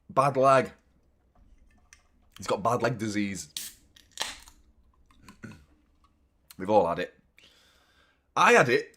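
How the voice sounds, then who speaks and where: A man, chatting casually and self-mockingly as host of a football watchalong stream, swearing freely. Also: mid-range voice. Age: 30s. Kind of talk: casual live-stream chat.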